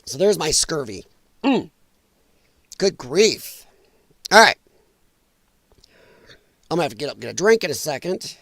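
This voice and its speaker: A man's voice: on the high side, big pitch swings, a little slow, creaky, long pauses, a bit bright, dry recording. A man hosting a casual political commentary livestream, blunt and exasperated, with an irritated throat that keeps making him cough. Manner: blunt, exasperated, frequent apologies. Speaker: livestream host.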